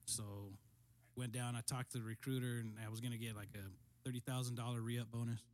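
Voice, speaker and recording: Middle-aged man, calm matter-of-fact storyteller. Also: mid-range voice, fairly quick, a little hiss or hum. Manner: steady, matter-of-fact, frequent throat clearing. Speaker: guest, military veteran. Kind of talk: casual storytelling.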